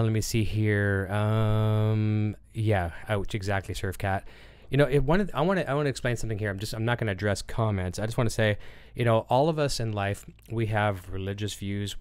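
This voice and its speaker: A man's voice: fairly low pitch, fairly even intonation, a little fast, clear, resonant tone. A man hosting a casual livestream, rambling with lots of fillers as he reads chat comments and tells a story. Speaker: livestream host.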